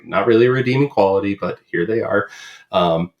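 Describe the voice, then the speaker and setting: A man's voice: fairly low pitch, brisk, highs cut off. A man co-hosting a podcast in casual chat, rambling with many ums and uhs. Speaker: podcast co-host.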